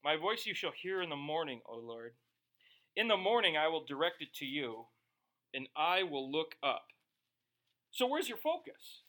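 A man's voice: fairly high pitch, sing-song, normal speed, sharp tone. A middle-aged male pastor preaching a sermon in a conversational, joking way, acting out quoted voices.

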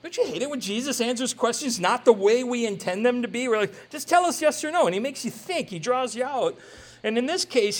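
A man preaching a sermon in a conversational, joking way, slipping into quick quoted asides. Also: extremely high pitch. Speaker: pastor.

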